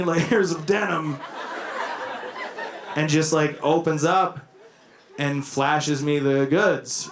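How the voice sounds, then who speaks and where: A man's voice: on the high side, a little hiss or hum. A young man doing a rambling, self-deprecating stand-up set, laughing at his own lines. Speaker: stand-up comedian. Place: comedy club stage before a laughing crowd. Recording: echoey club with crowd laughter. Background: audience laughing.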